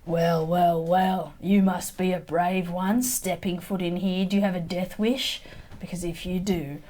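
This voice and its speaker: A woman voicing a menacing, mocking catfish henchman in a tabletop game, with a slow taunting drawl and faint background noise. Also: lowish voice, level tone, mellow, close to an everyday voice.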